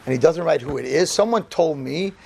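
In front of an audience of yeshiva students, a rabbi tells a comic sermon-story and acts out the lines with energy. His fairly high voice is brisk and creaky, with a slight hiss or hum on the recording.

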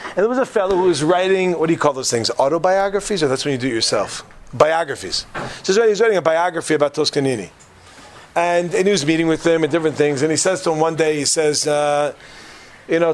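A man telling a story casually to a group, animated, with frequent restarts and quick asides. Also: fairly high pitch, a little hiss or hum.

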